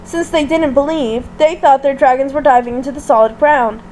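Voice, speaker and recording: A woman narrates a fan-written story at a steady pace, sometimes tripping over a word and restarting. Her voice is high and light. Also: normal speed, a little hiss or hum, rough recording. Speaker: audiobook reader. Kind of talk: reading fan fiction aloud.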